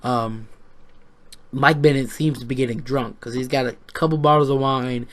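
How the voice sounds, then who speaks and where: A man giving a casual, rambling recap of a wrestling show, excitable and swearing freely, with lots of fillers and restarts. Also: mid-range voice, moderate pace.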